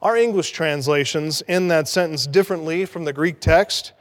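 A man's voice: a little high, normal speed, big-room sound. A man preaching a sermon, emphatic, repeating key words to drive them home. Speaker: pastor.

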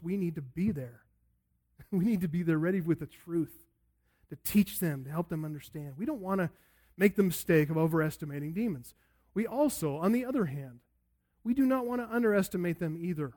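A man preaching an expository sermon as a pastor, emphatic and swinging between loud and hushed delivery. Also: sits high.

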